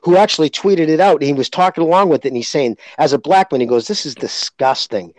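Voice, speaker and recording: Male podcast host, raised pitch, dry close sound; blunt, cussing rant style. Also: animated, fast, darkish tone, no echo. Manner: blunt, profane, opinionated ranting. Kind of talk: casual podcast chat.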